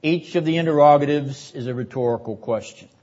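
An older man teaching a seminary class on scripture in a measured, deliberate lecture style. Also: on the high side, a little mellow. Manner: measured, deliberate delivery, rising in force for quoted verses. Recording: dull lo-fi lecture recording.

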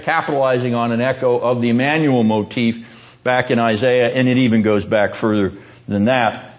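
A man's voice: medium pitch, lo-fi sound. A man teaching a seminary class on the Bible, quizzing his students and driving points home by repeating them.

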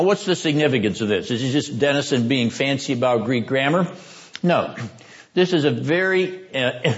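Male seminary lecturer, mid-pitched, clears throat often, quizzes the class, dull lo-fi classroom tape. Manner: questions the class, frequent throat clearing, deliberate explanations. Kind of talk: classroom lecture on Greek scripture. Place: classroom with students.

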